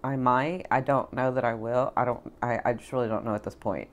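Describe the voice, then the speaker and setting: A woman's voice: rumbling low, steady tone, brisk. A middle-aged woman tarot reader and spiritual advisor chatting casually to her viewers, effusive and repetitive, full of fillers. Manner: effusive, repeats herself, many fillers. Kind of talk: casual tarot chat to camera.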